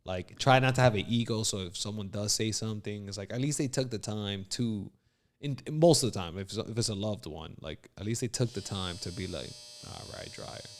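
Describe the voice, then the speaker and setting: Profane, animated man on a podcast. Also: fairly low pitch, brisk. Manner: profane, animated, laughs often. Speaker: podcast co-host. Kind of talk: casual chat.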